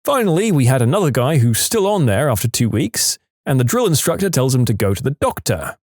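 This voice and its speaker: Animated man reading stories. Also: fairly quick, no room sound, studio quality. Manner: animated, jumps pitch for quoted voices. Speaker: narrator reading listener stories. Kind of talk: scripted storytelling narration.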